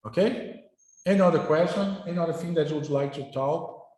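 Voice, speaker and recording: A middle-aged male professor, speaking informally to his class in halting English, often repeating words. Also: fairly high pitch, darkish tone. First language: Portuguese. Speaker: university professor. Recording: very echoey room.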